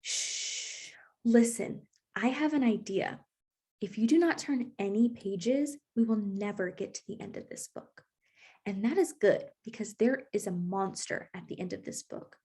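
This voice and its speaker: A woman's voice: medium pitch, moderate pace, mellow, breathy edge. A woman voicing a lovable furry male monster from a storybook, reading with big, exaggerated feeling. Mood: hushed.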